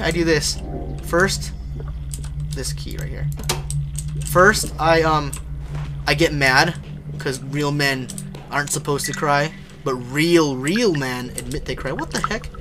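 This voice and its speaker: A young man calls out a horror game live to his viewers, half joking and half spooked, and he yelps whenever something jumps at him. His voice sits a little high for a man. Steady background noise runs under the stream. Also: a little slow, long pauses. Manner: jokey, jumpy, shouts when startled. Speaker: livestreaming gamer. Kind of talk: casual live gameplay commentary.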